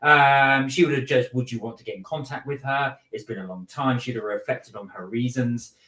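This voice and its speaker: A man co-hosting a casual live stream, reading viewer comments aloud and reasoning things out in a measured way. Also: mid-range voice, bright, forceful tone, roomy sound, poor audio.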